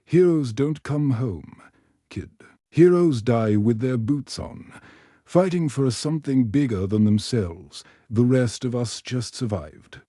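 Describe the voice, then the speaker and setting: A man voicing a tired, world-weary old male war veteran who speaks quietly. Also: medium pitch, lively intonation, slow, dry recording, clean studio sound.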